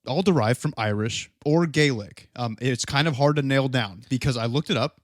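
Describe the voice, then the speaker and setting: A podcast co-host chats casually, throwing out blunt, teasing jokes in a mid-range voice at a moderate pace. The recording is dry with a clean studio sound.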